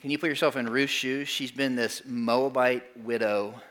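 A man preaching a sermon, retelling a Bible story with animated asides and dropping to a soft hush for tender moments. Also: medium pitch, normal speed. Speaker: pastor.

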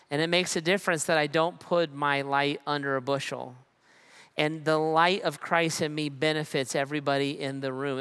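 Man, pastor in church, fairly high and bright voice, relaxed sermon, repeated phrases. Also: clear, resonant tone. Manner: conversational and relaxed, with repeated phrases and slow emphatic pauses.

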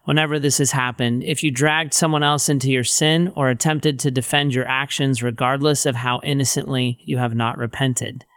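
Middle-aged male author-narrator, steady wry teaching read, clean resonant voice. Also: medium pitch, normal speed, few pauses, dry recording. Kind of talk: audiobook narration of a Christian teaching book.

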